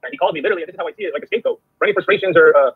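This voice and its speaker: A man's voice: high-pitched, racing, slightly rough. A man on a call-in show, defending himself with repeated, insistent denials. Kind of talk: heated live call-in talk. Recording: phone-line call audio.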